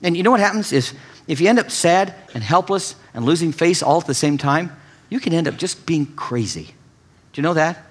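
A man preaching a sermon, telling a story with animated swings in pitch and loudness. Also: brisk. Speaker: pastor.

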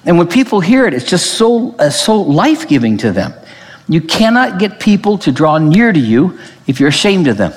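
A man preaching a sermon in an emphatic, animated way, often restarting his phrases. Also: high voice, moderate pace, in a large hall. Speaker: pastor.

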